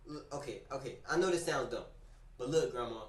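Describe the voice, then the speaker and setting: A man's voice: mid-range voice, fairly quick, far from the mic. Male streamer, casual storytime, slangy and repetitive, roomy echo, sits back from the mic. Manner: animated, slangy, repeats phrases.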